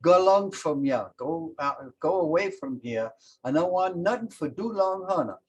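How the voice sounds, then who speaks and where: A man's voice: on the high side, animated, moderate pace, slightly rough, voice pushed up, rough recording. A man voicing a frightened man who protests and insists in a told folk tale. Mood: indignant. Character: frightened man pleading with the devil.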